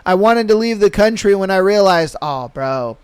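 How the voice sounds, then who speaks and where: Young man hosting a podcast: high, smooth voice, laid-back slang, quick to laugh, dry close sound. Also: lively intonation, darkish tone, no echo. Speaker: podcast host. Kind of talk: casual solo podcast commentary.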